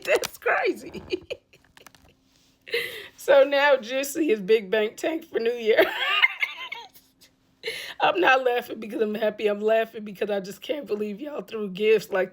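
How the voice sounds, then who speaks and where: A woman giving casual gossip commentary to her followers, chatty and informal, breaking into laughs of disbelief. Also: medium pitch. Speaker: social media commentator.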